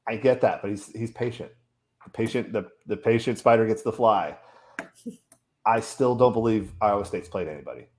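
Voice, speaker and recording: A man's voice: fairly low pitch, moderate pace, darkish tone. A man co-hosting a casual college football chat from his room at home, passionate and fired up about his team. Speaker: sports show co-host.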